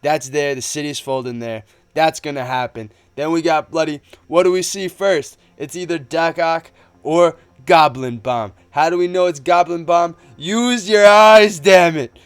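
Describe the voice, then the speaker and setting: A young man giving casual, excitable commentary on a movie trailer, rambling and slangy. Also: a little high, moderate pace, smooth, faint music behind. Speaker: movie trailer breakdown YouTuber.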